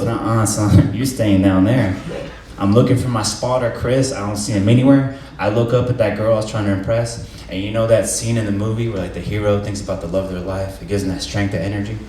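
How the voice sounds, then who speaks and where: A man's voice: fairly low pitch, steady tone, fast talker, few pauses, mellow. A young man performing a stand-up comedy set, telling stories in a laid-back way and laughing at his own jokes. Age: young adult. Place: live comedy venue with audience laughter. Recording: roomy hall sound, mic at a distance, faint noise.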